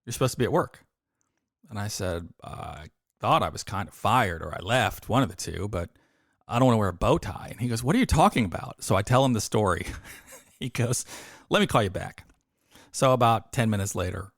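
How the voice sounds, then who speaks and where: A man's voice: lowish voice, moderate pace, vocal fry, no room sound, studio quality. A man in his fifties, co-hosting a podcast, telling work stories in casual chat and acting out the people he quotes. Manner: animated, acts out quoted voices. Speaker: podcast co-host.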